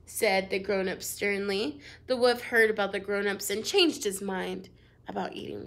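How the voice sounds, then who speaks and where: A woman's voice: mid-range voice, unhurried. A young adult woman teacher reading a storybook aloud to her class, playful and full of asides.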